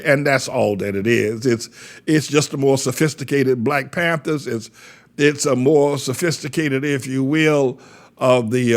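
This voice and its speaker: An older pastor with a medium-pitched voice gives a blunt, rambling commentary monologue. He often repeats words while searching for his next thought.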